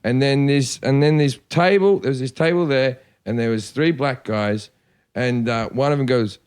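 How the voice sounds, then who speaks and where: A man's voice: medium pitch, moderate pace, darkish tone, clean tone. A man telling rambling, self-deprecating stories on a casual podcast, swearing freely. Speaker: podcast host. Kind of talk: casual storytelling chat.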